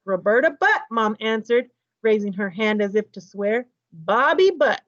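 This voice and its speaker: A woman teacher reading a children's novel aloud to her class, lively and voicing each character's dialogue. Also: mid-range voice, unhurried, no echo, lo-fi sound. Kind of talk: children's book read-aloud.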